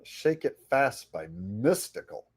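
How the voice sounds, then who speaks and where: A man's voice: mid-range voice, sing-song, slow pace, darkish tone, slightly rough. A man chatting casually on his live stream, laid-back with chuckling asides.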